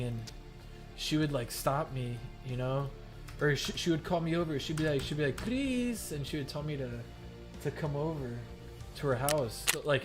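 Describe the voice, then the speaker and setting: A young adult man streaming a game, telling a rambling story full of "like" fillers and swearing. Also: medium pitch. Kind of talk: casual storytelling. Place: home gaming setup.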